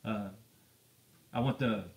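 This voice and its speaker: Man, live-stream host, rambles, reads comments out loud, echoey room, slight noise. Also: fairly low pitch, fairly even intonation, slow, vocal fry. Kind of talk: casual live-stream chat.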